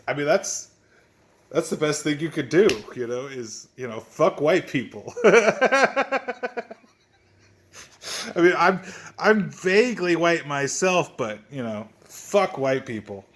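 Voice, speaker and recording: A man reviewing a comic book in a mocking, sneering way, swearing often and restarting his sentences. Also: medium pitch.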